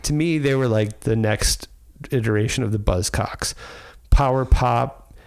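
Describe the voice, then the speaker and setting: A man's voice: medium pitch, measured pace, vocal fry, darkish tone, clear, resonant tone. A man hosting a podcast in a casual chat, talking in a rambling, enthusiastic way with many fillers. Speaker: podcast host.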